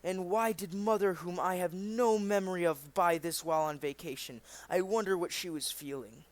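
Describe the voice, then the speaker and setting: A man voicing an earnest, curious young English gentleman while reading a comic aloud. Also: sits high, normal speed, dry recording, close to an everyday voice. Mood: wondering.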